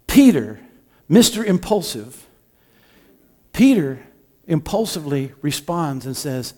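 High-voiced impassioned male pastor. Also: big pitch swings, takes it slowly. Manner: impassioned, swings between hushed and loud. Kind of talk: sermon.

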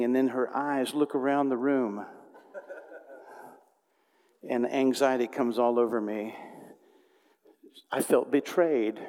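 Animated preacher in a reverberant hall. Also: male voice, mid-range voice. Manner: animated, swings between loud outbursts and hushed tones. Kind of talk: storytelling sermon.

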